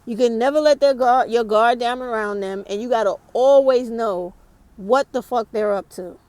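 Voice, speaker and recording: A woman's voice: on the high side, normal speed, a little mellow, no room sound. A woman vlogger ranting to camera, blunt and heated, with a lot of swearing. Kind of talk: casual rant to camera.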